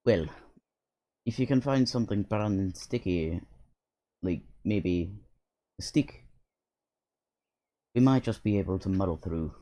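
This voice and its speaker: A man's voice: deep voice, animated, measured pace, pauses often, warm tone. A man voicing a chatty, bossy little male fairy sidekick while reading a game aloud. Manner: lilting, bossy, slangy and matter-of-fact.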